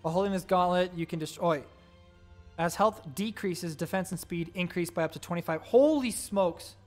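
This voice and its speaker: A man streaming live gameplay, reading out game text and reacting excitably to each summon, pleading and groaning at bad luck. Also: sits high, a little fast, soft background music. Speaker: gaming streamer.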